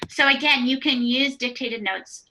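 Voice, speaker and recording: Woman running an online workshop, kinda high voice, bright and forceful, lots of restarts and little laughs, video call mic. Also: a little slow. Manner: warm, conversational, chatty, frequent restarts and light laughs. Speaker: early childhood educator giving an online workshop. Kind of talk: live online presentation. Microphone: video call microphone.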